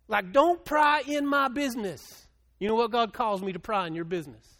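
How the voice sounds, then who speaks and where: A middle-aged male pastor preaching a sermon, moving between quiet storytelling and loud, impassioned appeals. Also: high-pitched, animated, a little fast.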